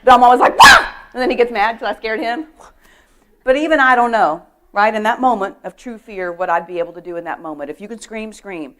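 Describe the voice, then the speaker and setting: A middle-aged woman giving an animated talk on personal safety to a women's church group, telling stories, acting out quotes and asking the audience questions. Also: fairly high pitch, quick pace. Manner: lively storytelling, acts out quotes, asks the audience questions. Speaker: guest speaker on personal safety.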